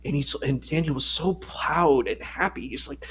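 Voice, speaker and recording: A man on a casual stream chat, telling an animated story that grows heated as he objects. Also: on the high side, normal speed, a little hiss or hum. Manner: animated storytelling, voice rising when indignant. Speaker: guest.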